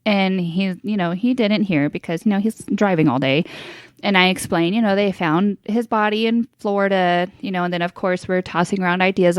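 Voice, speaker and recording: A woman's voice: on the low side, fairly even intonation, moderate pace, smooth, no room sound. A woman in her thirties co-hosting a podcast, telling a story in casual chat, candid and swearing freely with frequent laughs. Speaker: podcast co-host.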